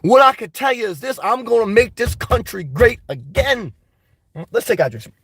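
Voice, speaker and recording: A man's voice: very high voice, very animated, moderate pace, fairly bright tone, slightly rough, no room sound. A man chatting casually on a live stream, answering viewers' comments in a boisterous, blunt, profane way, a little congested. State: slightly congested. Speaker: vlogger reading live chat.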